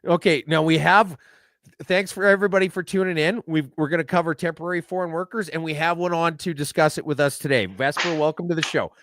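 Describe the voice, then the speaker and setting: A man's voice: on the high side, fast, a bit bright, no echo. A man hosting a casual news chat, reading headlines aloud and teasing his guest with sarcasm. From Alberta. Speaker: show host.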